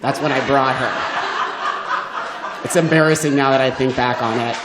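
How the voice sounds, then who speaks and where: A man telling a personal story live to an audience, animated and laughing often as he acts out what people said. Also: medium pitch, normal speed, roomy sound, heavy background noise. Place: event venue.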